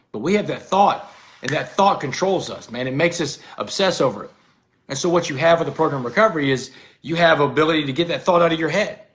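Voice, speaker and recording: A man's voice: a little high, a bit bright. A man, a guest in an interview, telling a personal story earnestly and often dropping "man" into his talk. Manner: earnest, keeps saying "man".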